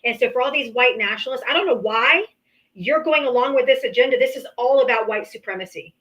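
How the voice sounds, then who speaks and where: A woman's voice: fairly high pitch, quick pace, a bit bright, rough recording. A woman hosting a livestream call-in, arguing politics bluntly and with profanity, cutting in on her guest. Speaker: livestream host. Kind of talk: heated political call-in debate.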